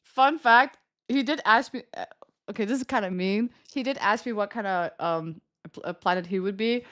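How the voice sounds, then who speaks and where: A woman's voice: mid-range voice, moderate pace, a bit bright. A young woman streamer with a slight lisp from her retainer, chatting to viewers in a rambling, giggly way. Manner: giggly, rambling storytelling with many fillers. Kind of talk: casual chat to stream viewers.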